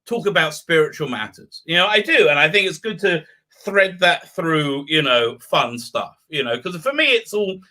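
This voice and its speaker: Speaking at normal speed with lively intonation, this livestream host has a sharp-toned voice on the high side. He reads viewer comments aloud, rambles with lots of fillers and restarts, and fiddles with his desk mic, whose level keeps shifting.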